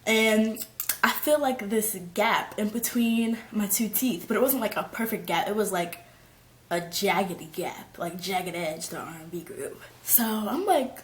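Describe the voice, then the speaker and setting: A young woman vlogger telling a story in a casual, slangy, animated way, shrieking when she quotes people. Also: a little high, fairly quick, reverberant, a little hiss or hum. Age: young adult. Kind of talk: storytime vlog.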